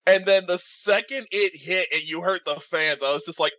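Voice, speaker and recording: A man co-hosting a casual podcast, excitable and laughing partway through his sentences. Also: high-pitched, normal speed, no echo. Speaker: podcast co-host. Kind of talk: casual wrestling podcast chat. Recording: slightly dull lo-fi sound.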